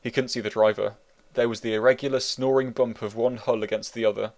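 A man who wrote the book, reading it as an audiobook narrator in a wry, meandering, deadpan way. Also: mid-range voice, fast.

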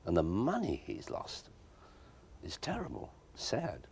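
An older man from South answers questions in a televised interview. His voice sits very low, yet it swoops up and down a lot. He talks in a wry, self-deprecating way, stopping and repeating himself as he thinks. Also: wildly swooping pitch, a little slow, creaky, darkish tone, breathy edge. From South London. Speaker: guest actor. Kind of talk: broadcast interview. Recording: TV studio interview from 1983.

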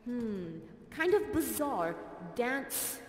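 A bubbly dance guide. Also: female voice, on the high side, big pitch swings, very slow, reverberant, in a large hall, heavily acted. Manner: bubbly, encouraging, playful slang. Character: upbeat woman dance guide Rhonda. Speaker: performer leading an audience dance. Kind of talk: live virtual theater performance.

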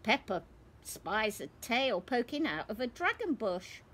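A woman from a nursery, reading a picture book aloud to young children, in a warm sing-song manner with questions to the listeners. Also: a little high, sing-song, unhurried, slightly rough.

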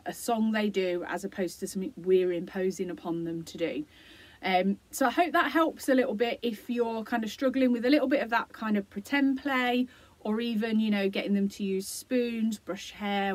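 A woman explaining, gently and encouragingly, how parents can use a song for self-care routines, with many fillers. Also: medium pitch, no room sound. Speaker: early years support practitioner. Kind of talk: instructional video for parents.

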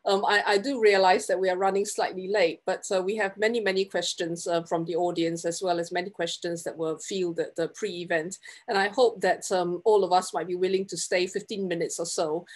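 A woman's voice: lowish voice, steady tone, brisk, hardly any pauses. A woman moderating an online panel, polite and hesitant, with frequent fillers and restarts, on a video call.

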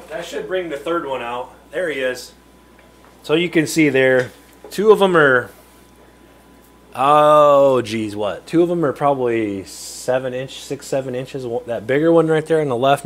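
A middle-aged man's medium-pitched voice is expressive and a little slow as he hosts a casual livestream from his home fishroom. He rambles on while responding to viewer chat, chuckling from time to time.

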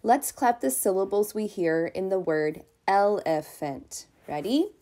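A woman preschool teacher talks to young children slowly in an encouraging, sing-song way, stretching out words as she claps them. Her voice is medium-pitched, animated, and dark in tone.

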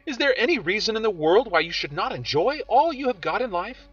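A man voicing a frank, teasing young woman who questions briskly and speaks in a bright, bossy way. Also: high-pitched, big pitch swings, breathy edge, voice pushed up, heavily acted. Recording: dull audio with faint music.

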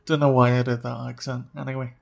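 A man giving casual gameplay commentary, chatty and often dropping to quiet muttering as he sneaks around. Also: medium pitch, little pitch movement, fast talker, creaky. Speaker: let's play gamer.

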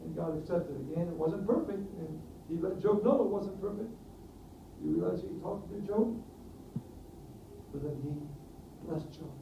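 A man preaching a sermon, earnest, often asking the congregation questions and building to loud emphatic peaks. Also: high-pitched, animated, moderate pace, a little hiss or hum. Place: church hall. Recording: distant roomy mic, dull sound, faint ambience.

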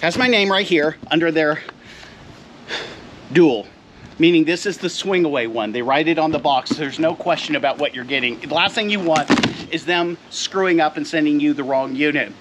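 Middle-aged guy, high bright voice, goofing around hyping gear to his viewers outside by the car. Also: moderate pace, a little hiss or hum. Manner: playful hype, talks straight to viewers. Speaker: vlogger reviewing gear. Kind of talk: jokey product unboxing vlog. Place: outdoors by a car.

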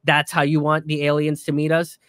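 Man, profane ranting commentary, fairly high voice, dry close sound. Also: completely flat delivery, brisk, a bit bright, dry recording. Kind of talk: casual commentary rant.

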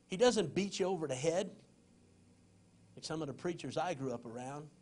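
Impassioned preacher man, fairly high voice. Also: lively intonation, normal speed. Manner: impassioned preaching, swinging between loud urging and hushed tenderness. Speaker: pastor. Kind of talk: sermon.

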